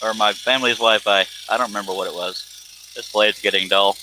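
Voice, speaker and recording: This livestream host is a middle-aged man with a lowish, steady voice that comes across brisk, bright and forceful. The recording is rough, with a little hiss or hum. He chats casually, laughs a lot, and rereads a viewer's message in a mock-threatening tone.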